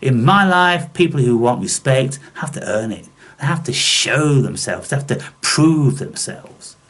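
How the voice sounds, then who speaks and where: A man's voice: medium pitch, lively intonation, measured pace, a bit bright. Blunt, swearing man ranting to viewers. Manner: blunt, swears constantly, scornful. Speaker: spiritual video channel host.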